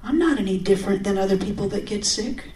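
A woman giving a personal testimony in a sermon, earnest and conversational with sudden animated outbursts. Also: medium pitch, fast talker. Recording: roomy, from a distance.

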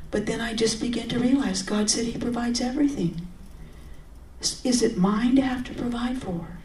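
A woman giving a personal testimony in a sermon, earnest and conversational with sudden animated outbursts. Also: on the high side, normal speed. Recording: roomy, from a distance.

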